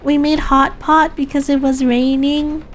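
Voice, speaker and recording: Giggly canadian-raised streamer lady chatting over a game, a bit high, soft music under it. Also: level tone, measured pace. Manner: giggly, laughs often, restarts mid-sentence. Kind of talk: casual gaming stream chat.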